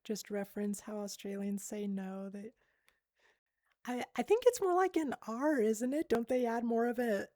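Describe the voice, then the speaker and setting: A woman's voice: on the high side, dark tone, no room sound, studio quality. A woman streamer chatting casually with her viewers, giggling often and blowing them kisses.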